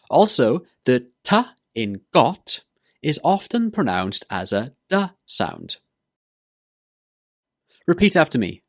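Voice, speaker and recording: A man leads a scripted pronunciation lesson, repeating each word deliberately so learners can copy it. His delivery is unhurried, and his pitch moves in a lively way. The recording is dry, with no room sound. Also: no room sound. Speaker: English pronunciation teacher.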